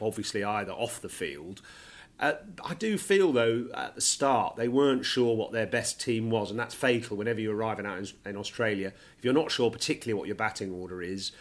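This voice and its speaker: A man from England hosting a podcast, recapping in a brisk, summarising way with light teasing. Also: lowish voice, a bit bright. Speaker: podcast host. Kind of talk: casual analytical chat.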